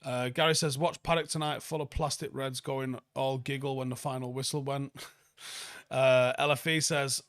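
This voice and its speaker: Manc bloke doing a live footy review, reads out chat n swears a lot, average pitch voice. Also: male voice, little pitch movement, normal speed, fairly bright tone. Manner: blunt, sweary, reads viewer comments aloud and answers them. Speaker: football channel host.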